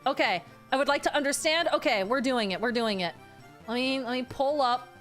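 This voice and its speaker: High-voiced excitable woman streamer. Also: fairly quick, faint music behind. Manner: excitable, swears freely, repeats herself. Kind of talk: casual live-stream chat with viewers.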